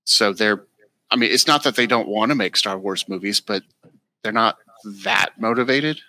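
A man co-hosting a casual podcast, frank and quick to joke. His voice is low with a bright, forceful edge. The recording is dry and close. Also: dry recording, low-quality recording. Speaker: podcast co-host. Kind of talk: casual chat.

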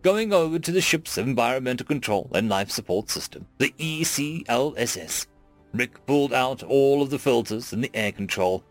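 A man reading a humorous science fiction story aloud in a wry, expressive storytelling manner. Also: mid-range voice, moderate pace, dry recording, soft background music. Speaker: story narrator. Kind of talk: scripted narration.

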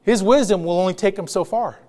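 Man, pastor, high voice, emphatic sermon, repeated phrases, call-and-response. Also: brisk, darkish tone.

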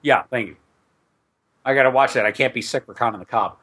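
A man's voice: medium pitch, fairly quick, sharp tone, breathy edge. A man hosting a tabletop game podcast, chatting in a rambling way with asides to listeners and reading setting text aloud. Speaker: podcast host and game master.

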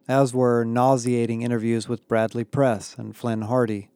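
Guy reading a story out loud, wry deadpan delivery, mellow voice. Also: mid-range voice, normal speed, few pauses, soft background music. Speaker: audiobook narrator. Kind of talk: scripted narration with character voices.

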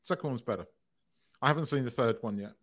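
A man's voice: medium pitch, fast talker, a bit bright. A man hosting a live podcast in casual chat, blunt and sweary, stammering through restarts. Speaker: podcast host.

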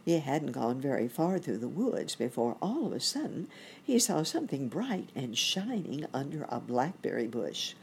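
A woman reading a children's bedtime story aloud in a gentle, expressive way. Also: extremely low pitch, moderate pace, vocal fry, a little hiss or hum.

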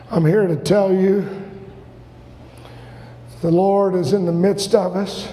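A male preacher delivering a fervent sermon, often breaking into shouts. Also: high-pitched, steady tone, slow, pauses often. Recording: long reverb of a large hall.

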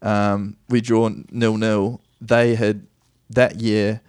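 A man's voice: on the low side, little pitch movement, takes it slowly, a little mellow, clean tone, no room sound, clean studio sound. A man with a New Zealand accent, a podcast guest telling rambling, self-correcting stories about his soccer career in a casual, easy way.

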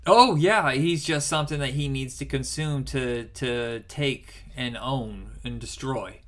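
A man co-hosting a podcast, talking through a film in loose, rambling, casual chat. He is enthusiastic and swears freely, and his voice sits at an ordinary middle pitch for a man. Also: a little slow, a bit bright. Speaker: podcast co-host. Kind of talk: casual movie discussion.

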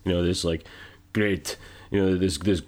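A man's voice: low voice, fairly even intonation, normal speed, a little mellow. A man in a casual podcast chat, meandering and leaning heavily on fillers. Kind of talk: casual chat about accents in games.

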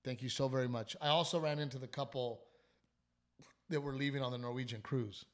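With a mid-range voice running a little fast, a South Texas comedian chats on his own podcast. Short on sleep and sick, he narrates a story with animation and profanity, his sentences trailing off and restarting.

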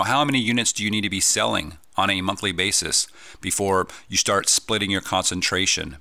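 A man's voice: sits low, creaky, sharp tone, no echo. A man hosting a podcast, talking casually and upbeat, often asking listeners rhetorical questions. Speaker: podcast host. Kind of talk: casual solo podcast talk.

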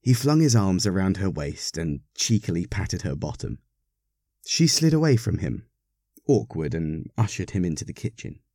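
A man reading a story aloud, narrating in an expressive, wry manner. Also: low voice, normal speed, no room sound, studio quality.

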